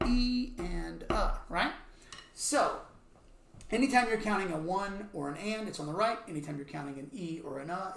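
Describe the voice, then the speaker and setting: A woman's voice: fairly low pitch, vocal fry. A woman teaching a drum exercise, patiently explaining and counting sixteenth notes aloud with methodical repetition. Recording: echoey practice room, faint noise.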